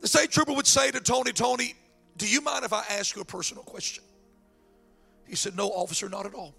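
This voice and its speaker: A man preaching a sermon and telling a story, excitable and repeating words as he builds up, his throat strained. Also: sits high, fast, creaky, husky, soft background music. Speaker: pastor.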